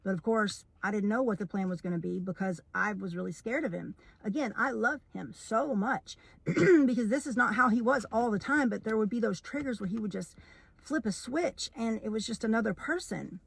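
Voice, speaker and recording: Woman, casual storytime, earnest, hesitant, lots of fillers, middle pitch, very echoey room, long reverb. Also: normal speed, creaky. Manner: talking while painting.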